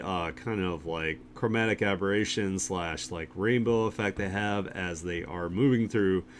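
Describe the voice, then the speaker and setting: A man's voice: deep voice, slight background noise. A man hosting a live art share stream, chatting casually in a rambling way with lots of fillers and chuckles. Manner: laid-back and rambling, with many fillers and chuckles.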